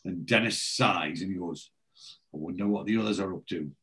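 A man's voice: deep voice, normal speed, sharp tone, rough recording. A man hosting a casual chat, retelling TV scenes and quoting the characters' lines in a storytelling way. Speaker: podcast host.

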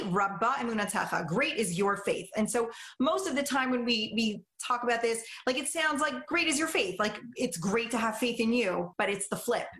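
A woman guest talks earnestly and reflectively, pausing to quote prayers in between. Her voice sounds roomy, as if the room has an echo. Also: medium pitch, fairly bright tone. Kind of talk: casual conversation about prayer.

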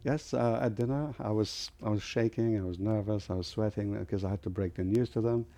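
A man's voice: fairly low pitch, fairly quick, mellow. An older man from Lebanon, telling his life story as a vivid storyteller in an interview. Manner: vivid storyteller, acts out other people's voices. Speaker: guest, airline founder.

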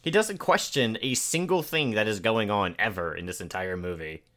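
A man co-hosting a movie review podcast, talking casually with a dry, deadpan delivery. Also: fairly low pitch, normal speed. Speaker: podcast co-host.

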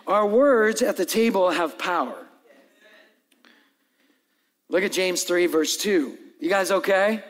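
A man preaching as pastor, animated, acting out dialogue and joking with the congregation. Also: high voice, slow, pauses often, in a large hall. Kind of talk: sermon. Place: church hall with long reverb.

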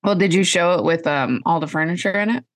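A woman co-hosting a podcast in casual chat, mostly reacting with quick agreement and laughs. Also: fairly low pitch. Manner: reactive listener, backchannels and laughs. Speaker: podcast co-host.

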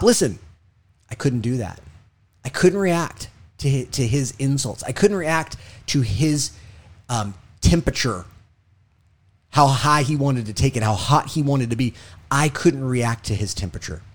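In a motivational talk, a onetime hostage negotiator speaks with emphasis and frequent repetition. Stories bring his voice up, while the key lessons come out low and quiet.

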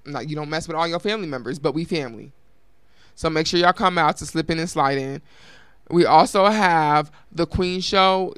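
A woman's voice: sits low, a bit bright, clean tone, no room sound. A woman from Colorado hosting a talk show, closing it with casual announcements and emphatic, repeated appeals to listeners. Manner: emphatic and repetitive, addresses listeners as y'all.

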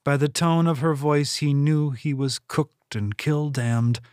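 Slow deliberate male audiobook narrator. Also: fairly high pitch, no room sound, studio quality. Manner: steady, deliberate reading. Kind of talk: scripted narration.

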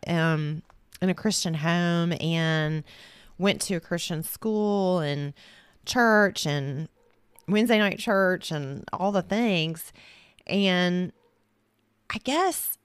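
Woman guest, low voice, chatty storyteller, dry close recording. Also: smooth, dry recording. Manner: chatty storytelling with many restarts. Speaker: podcast guest. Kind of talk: casual faith conversation.

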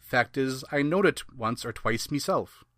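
A man's voice: mid-range voice, a little slow, dry recording, clean studio sound, voice pushed up. A man reading as a drunken old harbor man. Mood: consoling. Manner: reads the lines flatly, no accent.

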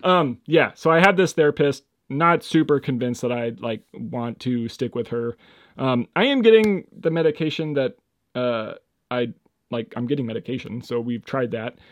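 Young man, solo podcast host, rambling, filler-heavy, loudness swings, drifts off the mic. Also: medium pitch, moderate pace, no echo. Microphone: home microphone, moves on and off it.

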